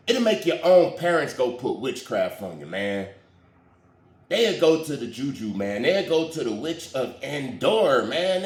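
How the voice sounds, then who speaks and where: Man, casual spiritual commentator, slangy and animated, lively pitch, roomy echo.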